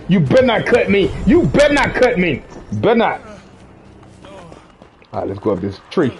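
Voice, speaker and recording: A man chatting loudly through a video game, joking and swearing as he trash-talks his teammates. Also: high-pitched, huge pitch swings, normal speed, pauses often, faint music behind. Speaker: gamer. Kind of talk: casual gaming commentary.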